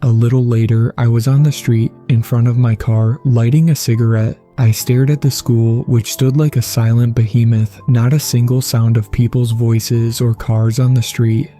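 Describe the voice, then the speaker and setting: A man's voice: medium pitch, level tone, moderate pace, few pauses, dark tone. A man reading a scripted horror story aloud as narrator, speaking every character's lines himself. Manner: reads all the dialogue himself in a plain voice. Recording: faint music underneath.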